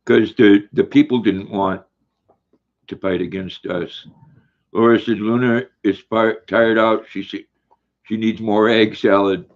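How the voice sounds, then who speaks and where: On the low side and a little slow, this older host's voice keeps a fairly even intonation. He eats during a casual livestream, reading viewers' comments out in a folksy style, and the audio is dull lo-fi.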